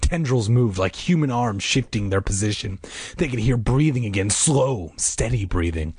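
Husky guy reading a spooky kids book, wry asides, low voice, dry sound. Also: lively intonation, normal speed, a little mellow, dry recording. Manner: wry asides between chapters. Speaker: podcast host reading a children's horror book. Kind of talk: storybook narration.

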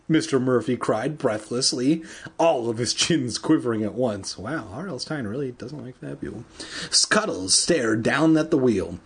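A man's voice: normal speed, slightly rough. A man reading a children's horror novel aloud, shrieking the characters' lines and breaking off for crude, joking asides. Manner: animated, jumps to shrill shrieks for characters, swears in asides.

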